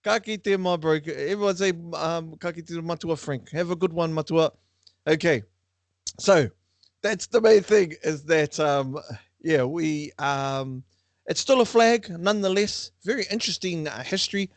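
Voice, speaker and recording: A man hosting a lively quiz for a class, playful and teasing with frequent laughter. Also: on the high side, unhurried, dry recording. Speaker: online class quiz host.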